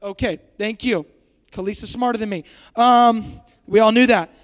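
A man's voice: sits high, steady tone, moderate pace. A young man in his twenties giving a youth sermon in a casual, joking, self-deprecating way. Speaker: youth speaker. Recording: hall reverb.

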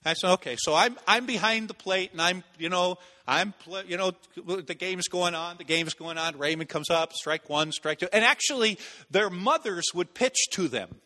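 A man preaching a sermon as pastor, telling a personal story with animated delivery, acting out voices and shouts. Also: high voice, moderate pace, long reverb tail.

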